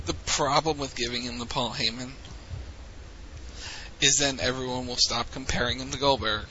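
Male podcast host, casual and chatty, bright edge, lo-fi sound. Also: medium pitch, fairly even intonation, moderate pace, a little hiss or hum. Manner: chatty, laughs often, restarts. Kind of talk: casual chat.

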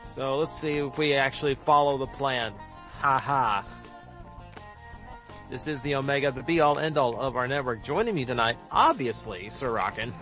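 A man's voice: medium pitch, fairly quick, hardly any pauses, sharp tone. Man, show host, teasing and upbeat, slightly dull sound, faint music underneath. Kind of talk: casual podcast chat.

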